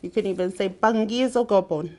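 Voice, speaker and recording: A woman teaching a language lesson, repeating each word slowly and clearly for learners to copy. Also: mid-range voice, warm tone. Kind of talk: slow classroom language lesson.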